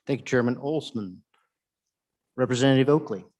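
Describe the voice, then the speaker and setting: A man presiding over a legislative session, calling votes in measured, formulaic phrases. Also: mid-range voice, a little mellow. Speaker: presiding chairman. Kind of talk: procedural chairing. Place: legislative chamber.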